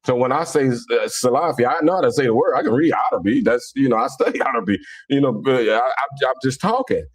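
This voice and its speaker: A man from Cincinnati with a Southern-leaning accent, talking in a casual, animated monologue full of stammered restarts. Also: mid-range voice, fast. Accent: Cincinnati, Southern-leaning American. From Cincinnati, Ohio, USA. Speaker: Islamic commentator.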